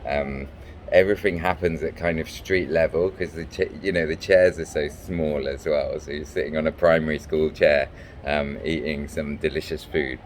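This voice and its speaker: A man's voice: a bass voice, fairly even intonation, moderate pace, slight background noise. A man from England, telling a meandering travel story with lots of ums and restarts. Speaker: vlogger and fairy maker. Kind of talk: rambling travel anecdote. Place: small hotel room.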